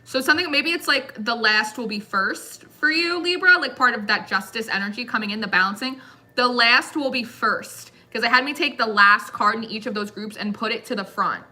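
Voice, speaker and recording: A woman's voice: fairly high pitch, moderate pace, bright, forceful tone. A young woman reading tarot in a casual, chatty way, giggling often and filling her talk with "like". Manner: chatty, giggly, uses lots of fillers. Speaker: tarot reader.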